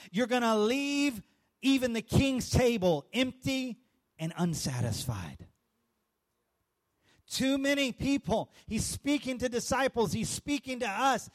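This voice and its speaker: A male pastor in full sermon flow, calling out to the congregation and rising into shouts. His voice runs high and swings widely in pitch, lively and animated throughout. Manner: call-and-response preaching, bursts of shouting.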